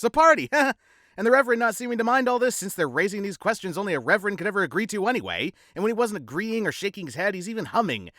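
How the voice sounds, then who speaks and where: A man's voice: high voice, bright, forceful tone, no room sound, clean studio sound. A man narrating a novel in first person, with a sardonic, rambling, wry delivery. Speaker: audiobook narrator.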